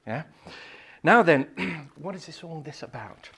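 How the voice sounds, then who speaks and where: A man preaching a sermon, swinging between loud proclamations and hushed whispers. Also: a little high, expressive, measured pace, breathy edge.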